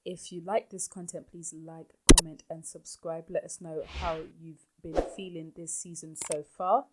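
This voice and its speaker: A woman's voice: sits low, heavy background noise. A woman hosting a casual podcast recap, blunt and exasperated in her opinions. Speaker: podcast host.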